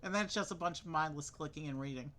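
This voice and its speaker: A woman's voice: low-pitched, fast talker, fairly bright tone. A woman chatting casually while playing a game, earnestly explaining how it works. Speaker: game co-host. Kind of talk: casual let's-play chat.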